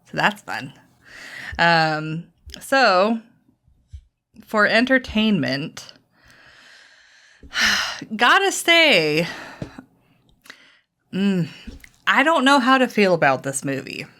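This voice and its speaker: A woman's voice: medium pitch, very animated, drawn-out words, pauses often, bright, forceful tone. A woman co-hosting a casual podcast, chatty and laughing often, thinking aloud with restarts. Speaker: podcast co-host.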